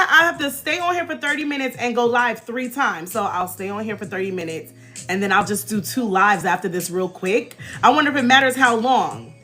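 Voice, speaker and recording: A woman hosting a live stream in casual, bubbly chat. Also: sits high. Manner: bubbly, laughs often, animated.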